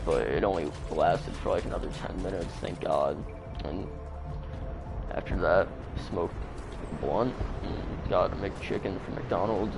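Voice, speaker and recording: A man telling a story in a casual, rambling way, swearing a lot and using plenty of fillers. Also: sits low. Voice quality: creaky. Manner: rambling, profane, full of fillers.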